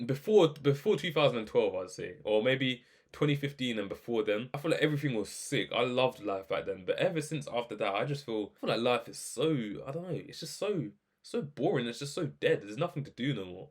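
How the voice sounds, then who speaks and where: A young man giving casual, animated reaction commentary, ranting and firing off questions. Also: medium pitch, fairly quick. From England. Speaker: video reaction host.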